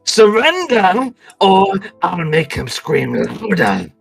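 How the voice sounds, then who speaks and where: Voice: mid-range voice, very animated, slow, creaky, breathy edge, faint music behind, voice pushed up, full character voice. A game master voicing a sinister, gloating male villain lord who mocks and threatens. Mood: menacing. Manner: menacing, mocking, erupts into shouts.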